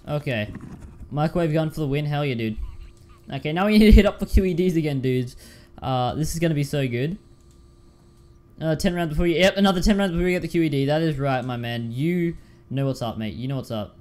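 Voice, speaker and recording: A man's voice: fairly high pitch, brisk, a little mellow. A man giving casual commentary while playing a video game, repeating himself and calling listeners dude and man. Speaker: gaming YouTuber.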